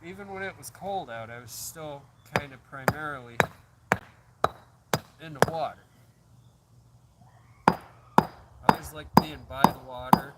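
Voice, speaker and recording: A man's voice: mid-range voice, a little slow, long pauses, recorded from a distance, heavy background noise. A man hosting a casual livestream outdoors on a hot day, rambling and chatting to his dog. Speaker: livestream host.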